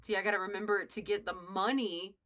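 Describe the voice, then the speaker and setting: Bright-voiced young woman streamer. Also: medium pitch, level tone, fairly quick. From United States. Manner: rambling, joking, swears freely, chats with viewers. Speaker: game streamer. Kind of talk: casual live-stream chat while playing.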